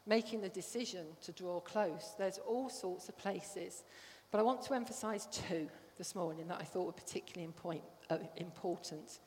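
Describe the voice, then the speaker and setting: A woman's voice: fairly low pitch, moderate pace, few pauses, darkish tone, slight background noise. A woman giving a conversational sermon to a congregation, often checking that they follow. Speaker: church speaker. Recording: long hall reverb.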